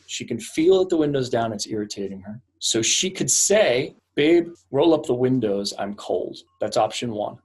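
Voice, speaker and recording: A man in his thirties, an intimacy coach, telling stories from his relationship in a calm, grounded, explanatory way. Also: medium pitch, breathy edge. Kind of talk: conversational storytelling.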